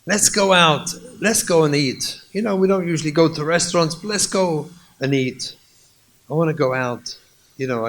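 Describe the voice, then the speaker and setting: A man's voice: a little high, fairly bright tone, a little hiss or hum, natural voice. A man voicing a restless wife who is desperate to get out of the house, talking in a weary, pleading way.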